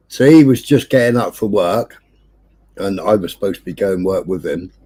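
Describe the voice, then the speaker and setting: A man's voice: lowish voice, normal speed, husky. A man from England hosting a livestream, telling a long story in casual chat, swearing constantly and acting out the voices of people in it. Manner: sweary, lively, acts out quoted voices. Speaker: livestream host.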